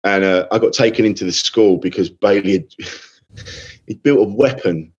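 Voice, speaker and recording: A man's voice: fairly low pitch, normal speed, darkish tone, slightly rough, muffled recording. A man in his fifties, a comedian guest telling rambling anecdotes in casual podcast chat, often restarting and swearing.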